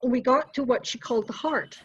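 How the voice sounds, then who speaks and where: A middle-aged woman, a storyteller, recounting a personal story with animated delivery. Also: high voice, brisk, slightly rough, no echo. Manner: animated, lively retelling with acted-out quotes. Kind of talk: personal storytelling to a small group. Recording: dull, muffled dry recording.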